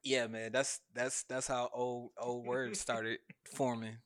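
A man's voice: medium pitch, little pitch movement, takes it slowly, a bit bright. A man co-hosting a podcast in loose, casual chat, laughing easily and swearing freely. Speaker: podcast co-host.

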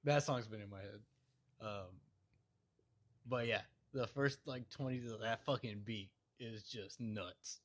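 A man's voice: lowish voice, unhurried. A young man co-hosting a music podcast, talking casually with blunt opinions, teasing and frequent swearing. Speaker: podcast co-host. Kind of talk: casual chat.

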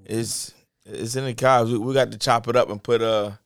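A man co-hosting a podcast in laid-back, halting chat, laughing often. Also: mid-range voice, fairly even intonation, dry recording, clean studio sound. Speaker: podcast co-host. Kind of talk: casual chat.

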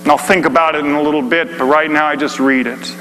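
A man preaching a dramatic story sermon, swinging between hushed delivery and shouting. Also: fairly high pitch, steady tone, fast. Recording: long hall reverb, faint hum.

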